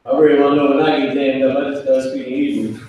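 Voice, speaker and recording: A man's voice: medium pitch, flat delivery, quick pace, dark tone, distant mic. A man teaching a live online Hebrew class in a classroom, loose and joking, slangy, acting out voices for laughs. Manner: loose, jokey, slangy, acts out kids' voices. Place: classroom with a whiteboard. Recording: echoey room, speaker away from mic.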